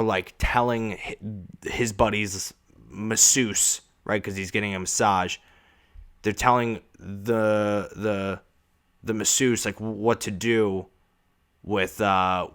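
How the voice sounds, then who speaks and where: Man, young adult, low voice, podcast host, sarcastic, swearing, animated rant. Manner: profane, sarcastic, animated ranting. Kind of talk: casual ranting monologue.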